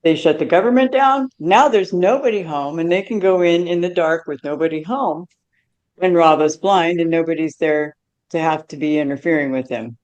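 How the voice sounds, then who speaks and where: A woman co-hosting a political livestream, talking earnestly with many halting repeats. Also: low voice, a little mellow, lo-fi sound. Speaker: livestream co-host. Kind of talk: casual political chat.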